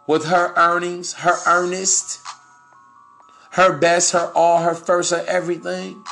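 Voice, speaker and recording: A man's voice: sits high, fairly bright tone. A man hosting a podcast, talking in a blunt, profane, preachy monologue full of slang. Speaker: podcast host. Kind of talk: casual monologue.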